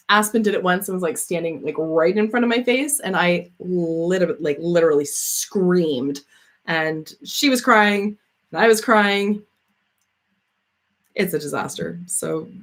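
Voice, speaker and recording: A woman's voice: fairly low pitch, measured pace, a bit bright. A woman hosting a casual live chat, answering viewer comments in a rambling, chatty way with frequent laughs and fillers. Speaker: host of a live chat stream.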